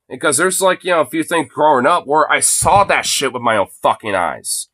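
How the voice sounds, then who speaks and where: A man's voice: a little high, animated, fairly quick, hardly any pauses, fairly bright tone, no room sound. A man in his late twenties livestreaming an angry, profane rant into a phone, packed with fillers like "you know" and "dude". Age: late 20s. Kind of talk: angry ranting monologue.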